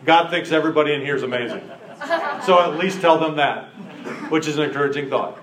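Man, informal pastor, higher voice, animated storyteller, recorded with room echo. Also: fast, a crowd in the background. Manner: animated, laughing, acts out quotes. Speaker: pastor leading a group exercise. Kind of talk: informal sermon with group participation. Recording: roomy echo.

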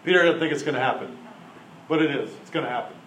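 A man preaching informally to a group, animated and laughing as he acts out quotes. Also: fairly high pitch, quick pace, slight background noise. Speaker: pastor leading a group exercise. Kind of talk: informal sermon with group participation. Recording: roomy echo.

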